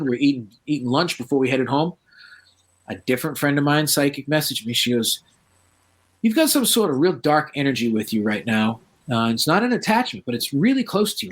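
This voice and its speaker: Husky guy telling spooky stories in an interview, animated, does the voices. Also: mid-range voice. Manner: animated, acts out quoted voices. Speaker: paranormal researcher guest. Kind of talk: casual storytelling interview.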